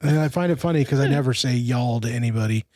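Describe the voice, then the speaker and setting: A man's voice: medium pitch, fast, mellow, no room sound. A man in his thirties co-hosting a casual podcast, talking with dry, self-mocking humor close to a studio mic. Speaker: podcast co-host. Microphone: studio microphone up close.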